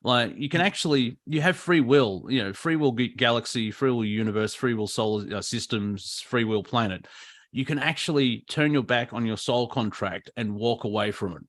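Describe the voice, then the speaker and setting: A man's voice: medium pitch, moderate pace, fairly bright tone. A man co-hosting a casual comedy chat over a video call, rambling, swearing and laughing at his own jokes. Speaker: co-host.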